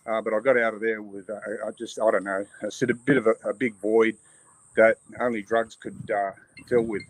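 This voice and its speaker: A middle-aged Australian man from western Sydney giving frank, halting personal testimony as a guest on a video call. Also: on the low side, flat delivery, low-quality recording. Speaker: guest, abuse survivor advocate. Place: outdoor shed on a hill.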